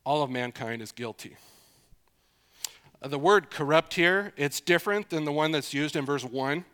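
Middle-aged male preacher, conversational teaching sermon, slightly higher pitch, asks the room questions. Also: normal speed, fairly bright tone, clean tone. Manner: conversational, repeats for emphasis, asks listeners questions. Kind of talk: expository sermon.

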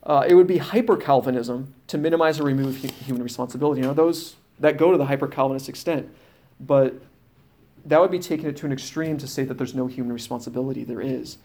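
A man's voice: medium pitch, quick pace, dark tone. A man teaching a sermon, reading scripture passages aloud and explaining them firmly, with fillers and restarts. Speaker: preacher.

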